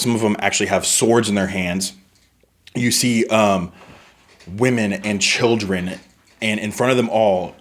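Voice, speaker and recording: A man running a tabletop game as game master, narrating scenes in a relaxed, conversational way with fillers. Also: lowish voice.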